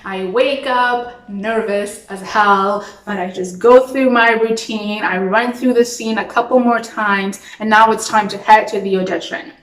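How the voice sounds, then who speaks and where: A young adult woman from Toronto, telling an acting story in a chatty, expressive way, with lots of "like.". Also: medium pitch, unhurried, hardly any pauses, reverberant, rough recording. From Toronto, Canada. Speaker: actress. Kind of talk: storytime vlog.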